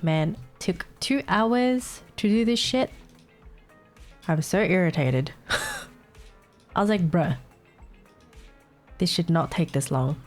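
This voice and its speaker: A woman's voice: mid-range voice, a little mellow. A young woman streaming live, chatting casually and swearing as she fixes her setup, sounding a little congested.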